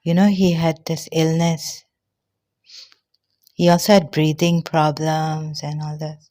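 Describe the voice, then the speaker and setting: A woman giving an earnest personal monologue, short of breath, halting and often trailing off softly. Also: sits low, little pitch movement. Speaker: vlogger.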